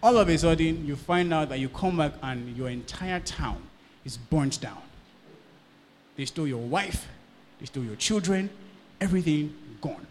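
A man's voice: a little high, lively intonation, normal speed, a little hiss or hum. Preacher man, reverberant hall. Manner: preaching with sudden swings from loud to hushed, repeated questions to the congregation. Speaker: pastor. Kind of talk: sermon.

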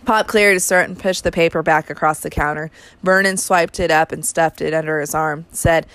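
Low smooth-voiced woman reading a novel. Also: steady tone, moderate pace, a bit bright, no echo. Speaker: audiobook reader. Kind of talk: first-person novel narration.

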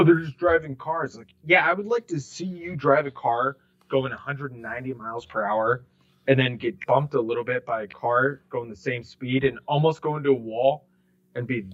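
A man, co-hosting a sports podcast in casual chat, animated and mimicking people in quick bursts. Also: medium pitch. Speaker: podcast co-host. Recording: slightly dull lo-fi sound.

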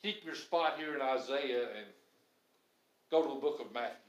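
Speaking at a normal speed in a mid-range voice, the pastor preaches to his congregation, though the recording has its highs cut off. His Southern-flavored sermon swells into emphatic outbursts, with an echo from the church sanctuary.

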